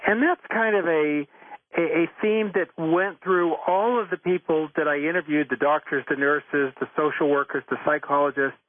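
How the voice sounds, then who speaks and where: A man being interviewed about his book, telling stories in a gentle, reflective way. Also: on the high side, steady tone, normal speed, no room sound. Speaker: author and interviewee. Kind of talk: interview storytelling. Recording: tinny phone line, dry.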